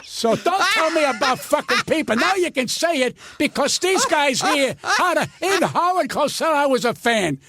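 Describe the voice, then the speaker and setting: High-voiced older man ranting profanely. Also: big pitch swings, normal speed, few pauses, sharp tone. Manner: profane, indignant, stammering. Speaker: guest comedian. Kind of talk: ranting storytelling.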